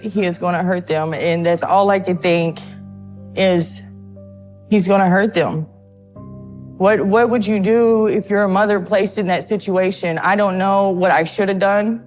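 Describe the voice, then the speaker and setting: A nervous woman speaks haltingly in an interview, often repeating her words as she tells her account. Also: medium pitch, darkish tone. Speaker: interviewee in a true crime documentary. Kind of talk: emotional interview testimony.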